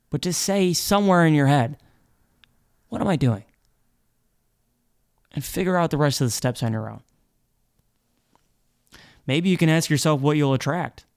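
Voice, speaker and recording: A man's voice: a little high, a little mellow, clean tone. A man hosting a solo podcast in a rambling, playful and profane style, often restarting his sentences. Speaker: podcast host. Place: indoor studio set with black background.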